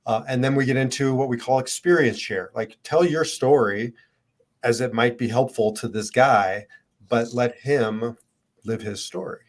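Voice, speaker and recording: Mid-pitched man, reflective podcast talk. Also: normal speed. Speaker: podcast co-host. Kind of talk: casual podcast conversation.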